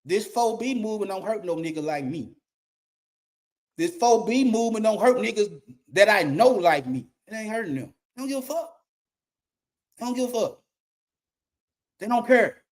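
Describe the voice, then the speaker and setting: A man's voice: high voice, lively intonation, normal speed, pauses often. A middle-aged man, a YouTube commentator giving a blunt, profane rant and repeating his points for emphasis. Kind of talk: ranting monologue.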